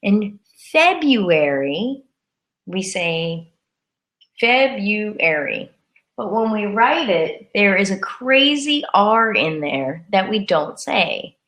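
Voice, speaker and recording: A woman teaching a live English lesson, saying words slowly and carefully and repeating them for learners. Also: mid-range voice, expressive, fairly bright tone. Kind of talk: live-streamed grammar lesson.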